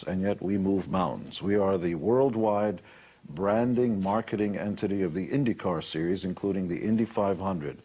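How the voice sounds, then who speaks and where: A man's voice: deep voice, husky. An older man telling stories as a motivational speaker, blunt and boastful. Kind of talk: storytelling talk.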